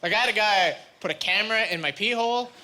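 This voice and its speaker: In this live club recording, a Canadian man does stand-up in a high voice at a fast clip. He wanders through his stories, impersonating the people in them, over loud crowd noise and audience laughter.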